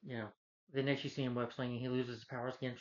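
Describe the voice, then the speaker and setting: A man talks through a movie's plot in a casual review, rambling and leaning on fillers as he goes. His voice sits at an ordinary pitch. The recording is dull and lo-fi. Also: level tone, fast. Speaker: film reviewer.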